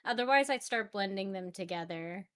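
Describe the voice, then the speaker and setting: A woman chatting as an interview guest, relaxed and trailing off with restarts as she thinks aloud. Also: mid-range voice, normal speed. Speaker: guest voice actor. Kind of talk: casual interview chat.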